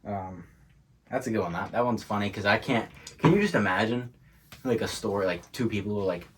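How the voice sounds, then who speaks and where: A man's voice: lowish voice, fairly quick, fairly bright tone, slight background noise. A man co-hosting a podcast, talking in a laid-back, casual way and laughing often. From England. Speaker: podcast co-host. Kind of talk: casual chat.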